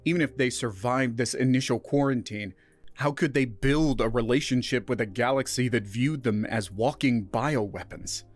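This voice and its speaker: A man narrating a scripted science fiction story in a steady, even reading voice. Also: medium pitch, moderate pace, soft background music.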